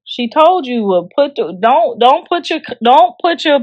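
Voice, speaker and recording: A woman's voice: high-pitched, big pitch swings, a little slow, dry recording, lo-fi sound. A middle-aged woman hosting a show and giving casual gossip commentary, blunt and joking, laughing often and talking straight to viewers in slang. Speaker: show host discussing celebrity gossip.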